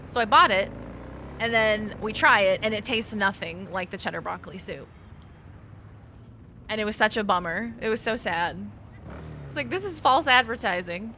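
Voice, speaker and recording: A woman streams a game and keeps up a loose, rambling chat, laughing often and cursing freely. Her voice is very bright and ringing, with faint noise underneath. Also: mid-range voice, moderate pace, pauses often. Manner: chatty, laughing, swears freely. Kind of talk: casual chat while gaming.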